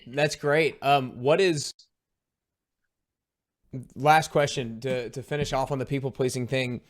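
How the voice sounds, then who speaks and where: A man's voice: medium pitch, steady tone, measured pace, slight background noise. A man hosting a podcast, asking long, hesitant questions in a casual interview. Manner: rambling, hesitant questions with restarts. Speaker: podcast host.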